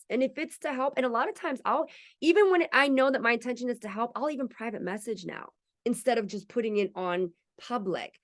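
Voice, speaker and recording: A woman's voice: fairly high pitch, a little fast. A woman hosting a casual spiritual podcast, chatty and candid, swearing freely. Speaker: podcast host.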